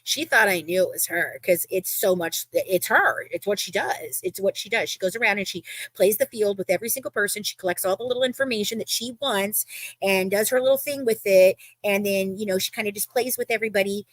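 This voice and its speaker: A woman's voice: medium pitch, a little fast, no echo, low-quality recording. A woman hosting a livestream, telling a heated story with lots of swearing and quoted back-and-forth. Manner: animated storytelling, acting out quoted exchanges, frequent swearing. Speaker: livestream host. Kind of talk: casual livestream chat.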